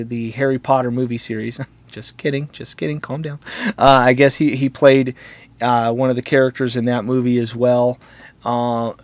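A man of middle pitch swaps stories in an easygoing chat, wandering off on tangents and cracking small jokes. His voice sounds close and dry, with no room around it. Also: no echo. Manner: jokey, rambling, laughs at his own stories. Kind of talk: casual conversational storytelling.

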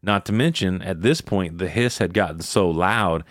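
A man's voice: low-pitched, moderate pace, dry recording, clean studio sound. A man hosting a podcast, retelling eerie camping stories in loose, casual, profane talk. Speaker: podcast host. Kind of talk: casual storytelling chat.

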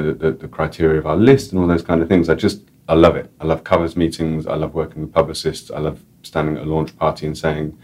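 A man's voice: extremely low pitch, a little mellow. A man, an author and editor, talking as a guest in a casual interview, rambling enthusiastically with many restarts.

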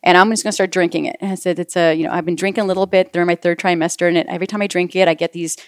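A woman's voice: lowish voice, steady tone, racing, dry recording, clean studio sound. A middle-aged woman chatting casually, telling a personal story and acting out the dialogue. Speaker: guest sharing a birth story. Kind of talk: casual chat.

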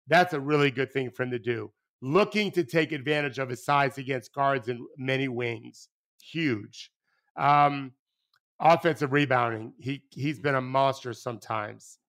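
A man at an ordinary mid pitch chatting on a podcast. He talks like a former coach, animated and rambling, tripping over restarts and dropping the odd swear word. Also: a little slow. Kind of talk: casual podcast conversation.

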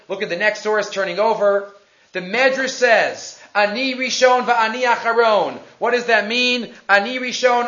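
A man teaching a Torah class, telling a story and slowing down to read verses aloud. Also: sits high, bright, forceful tone. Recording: roomy, dull lo-fi recording.

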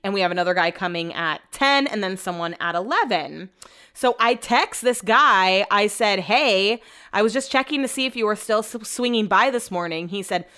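A young woman tells a rambling everyday story in a casual, profane, animated way, slipping into quick voices for the people in it. Her voice is smooth and clear, with a pitch right in the middle for a woman. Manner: chatty, profane, animated retelling. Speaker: vlogger.

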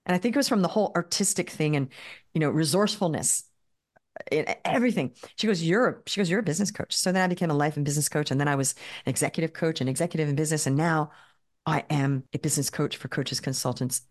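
A woman in her fifties or older, a guest coach in a podcast interview, telling stories with animated quoted dialogue and quick restarts. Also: deep voice. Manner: quick talker who repeats and restarts words.

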